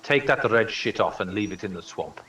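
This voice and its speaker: A man voicing a tall, rough human leader of a swamp camp who talks bluntly and haltingly. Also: on the low side, animated, bright, forceful tone, recorded from a distance, muffled recording, a little hiss or hum. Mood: welcoming.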